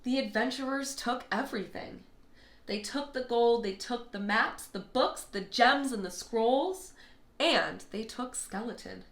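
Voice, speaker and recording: A woman reading a children's bedtime storybook aloud in an expressive, lilting way. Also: on the high side, unhurried, slight background noise. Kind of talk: read-aloud storybook narration. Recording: echoey room.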